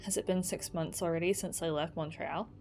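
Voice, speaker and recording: A woman's voice: fairly low pitch, steady tone, fairly quick, darkish tone, slight background noise, lightly acted. M, a woman reading as a lovesick 1940s letter writer. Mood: resigned. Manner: reading aloud, tender then resigned. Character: young woman writing love letters, 1940s. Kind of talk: reading game letters aloud.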